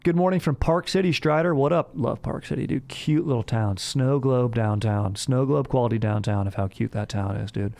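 A man's voice: medium pitch, normal speed, gravelly, hardly any pauses, a little mellow. A young man hosting a comedy podcast, chatting casually in bro slang and saying "dude" all the time. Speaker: podcast host.

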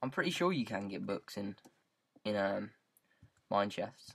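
A man's voice: fairly low pitch, lively intonation, measured pace, creaky, pauses often, fairly bright tone, husky. A man with a British accent giving casual, rambling gameplay commentary into a headset mic, goofing around and repeating words in silly riffs. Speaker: gaming YouTuber.

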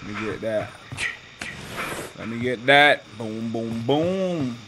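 A man, giving loud, playful trash-talking commentary over his gameplay, with sudden excited cries. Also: mid-range voice, takes it slowly, noisy background. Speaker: gaming streamer.

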